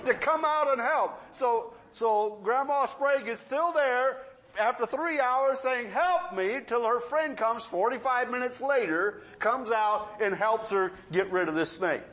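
High-voiced preacher, loud then hushed. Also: male voice. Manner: storytelling preacher, swings between loud emphasis and quiet asides. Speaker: pastor. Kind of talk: sermon.

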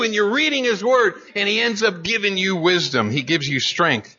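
A man's voice: high voice, lively intonation, brisk, few pauses, bright, forceful tone, muffled recording. A man preaching a sermon in an earnest way, building emphasis and often restarting his words as he speaks. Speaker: pastor.

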